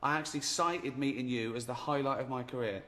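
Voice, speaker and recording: A man's voice: mid-range voice, fairly quick, fairly bright tone. Male comic host, dry and sarcastic; office with long reverb. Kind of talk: comedy sketch presenting.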